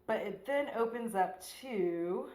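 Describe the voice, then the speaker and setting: A woman's voice: a little high, animated, slow pace, a little mellow, roomy sound. A woman beauty vlogger chatting casually and profanely, joking as she recaps a movie while doing her makeup at home. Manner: chatty, profane, jokey, acts out scenes. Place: room at home.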